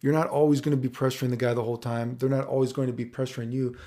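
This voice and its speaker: Gravelly, dark-voiced man ranting about a game. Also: medium pitch, level tone, racing. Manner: rambling, profane, keeps checking in with "right?". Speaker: fighting game commentator. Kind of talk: casual commentary over gameplay footage.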